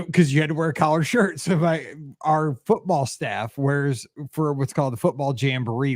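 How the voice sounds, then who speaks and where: A man's voice: medium pitch, dry recording. Jokey man on a podcast, dry sound. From Missouri, US. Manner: jokey, animated storytelling. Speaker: podcast co-host; high school football coach. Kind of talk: casual chat.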